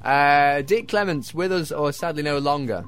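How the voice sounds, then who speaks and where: A man hosting a breakfast radio show in a studio, chatting casually, self-mocking and quick to laugh. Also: fairly high pitch, music in the background. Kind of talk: casual chat with quiz. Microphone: studio microphone.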